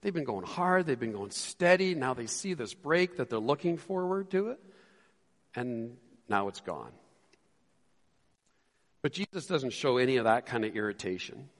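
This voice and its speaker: A man preaching a sermon as a pastor, animated and acting out the disciples' lines. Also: mid-range voice, normal speed, pauses often, in a large hall.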